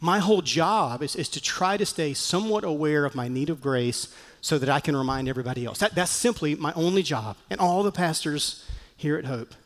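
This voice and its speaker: A man preaching a sermon as pastor, animated and acting out the voices he quotes. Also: a little high, a little fast, big-room sound. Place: church sanctuary.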